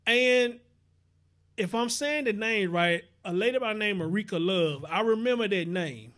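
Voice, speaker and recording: A young man hosting a casual livestream, chatty and earnest, reading viewer comments and giving shout-outs. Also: high-pitched, moderate pace. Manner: earnest preaching tone on serious topics. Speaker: livestream show host.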